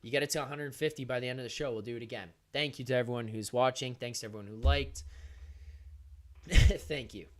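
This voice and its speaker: A young man hosting a live sports stream, talking fast and animated straight to his viewers, often laughing. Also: medium pitch. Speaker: host of a hockey post-game live stream. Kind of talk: energetic live-stream chat.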